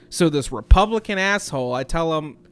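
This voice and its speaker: Higher-voiced man telling a story, swearing. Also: moderate pace, clear, resonant tone. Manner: profane, animated retelling. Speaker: podcast co-host. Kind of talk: casual storytelling.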